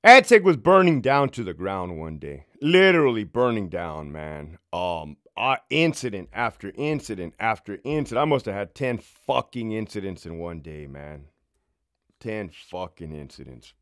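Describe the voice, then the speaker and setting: A man's voice: fairly low pitch, very animated, normal speed, a bit bright, dry recording, clean studio sound. A man, a former prison sergeant, telling his own story to camera in a casual, heated, profanity-filled way.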